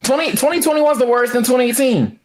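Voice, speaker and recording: A man's voice: very high voice, quick pace, a crowd in the background. A man co-hosting a podcast in casual chat, blunt, profane and opinionated. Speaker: podcast co-host.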